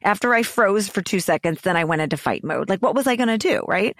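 A woman's voice: mid-range voice, animated, fast, a bit bright, no room sound, studio quality. A woman guest on a podcast telling a personal story in an emotional way, her voice climbing when agitated and dropping to whispers.

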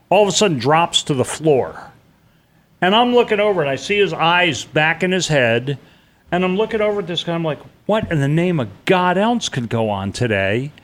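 A man's voice: on the high side, fairly bright tone. Middle-aged man telling a personal story. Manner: vivid, conversational, acts out the voices of people he quotes. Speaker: interview guest recounting a personal experience. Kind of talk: casual first-person storytelling.

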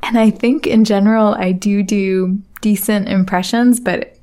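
A woman's voice: mid-range voice, steady tone, unhurried, warm tone. A woman co-hosting an English lesson, chatting casually and reacting to her partner. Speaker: co-host. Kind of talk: casual chat.

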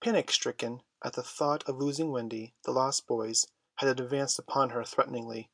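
A man narrates a children's storybook in a measured, steady way. His voice is husky and mid-pitched, recorded close on a dry, dead mic. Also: no echo. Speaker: audiobook reader.

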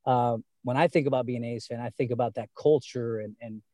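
A man's voice: medium pitch, steady tone, fairly quick, dark tone, dry recording. A man talking casually as a fan guest, rambling with many fillers and restarts. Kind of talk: casual conversation.

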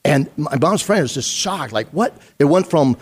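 A man's voice: fairly high pitch, lively intonation, normal speed, husky. A middle-aged man, a retired police sergeant, telling a story in an interview in an earnest, conversational way with fillers and restarts.

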